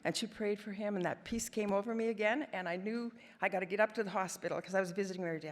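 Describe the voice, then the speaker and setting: A woman's voice: mid-range voice, very fast, few pauses. A woman in her seventies from Canada, giving a personal testimony as guest speaker, telling stories with wry, self-deprecating humor. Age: 70s. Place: large hall. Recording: long hall reverb.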